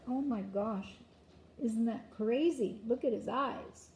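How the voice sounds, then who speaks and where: An older woman, a grandmother, gently reading a picture book aloud to a child with chatty asides. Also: on the high side, slow pace.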